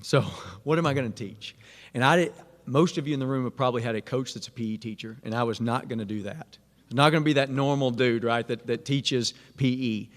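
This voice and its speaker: A man's voice: mid-range voice, fast. A man, casually telling a self-deprecating personal story to students. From Arkansas. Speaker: speaker at a Catholic student event. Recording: long hall reverb.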